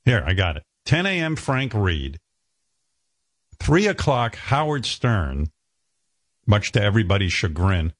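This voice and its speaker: A male radio host rambles through self-mocking stories in loose studio banter. His voice sits low and a little husky, and it swings widely in pitch. The sound is dry. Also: big pitch swings, unhurried, pauses often, no room sound. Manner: wry, self-mocking storytelling.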